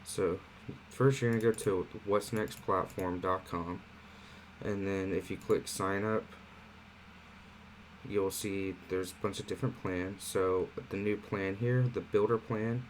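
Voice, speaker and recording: A man casually walking viewers through an online marketing platform in a screen-share tutorial, talking in a relaxed, conversational way with fillers. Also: sits low, measured pace, slight background noise, rough recording.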